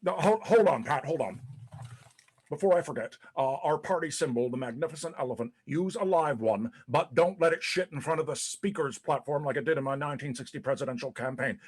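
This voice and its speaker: A man's voice: a little high, a little fast, husky. A man playing a disgraced, paranoid ex-president in a one-man stage monologue, profane and rambling, stammering between bluster and self-pity. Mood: phone call, distraught. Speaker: actor in a one-man play. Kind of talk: live-streamed stage monologue.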